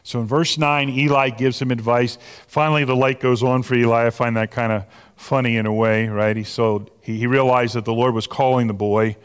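A man preaching a sermon as pastor, animated, repeating words as he builds to a point. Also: mid-range voice, fairly quick, few pauses, smooth. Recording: long hall reverb.

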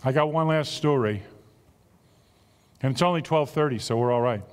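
A man with a South Jersey accent preaching a sermon, animated and exclamatory, full of rhetorical questions. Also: medium pitch, moderate pace, clear, resonant tone, long reverb tail. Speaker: pastor.

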